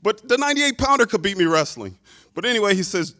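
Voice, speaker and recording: A man in his fifties, a hall of fame inductee, telling a lively story in a speech, full of asides. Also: high voice, fast talker. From Chicago, United States.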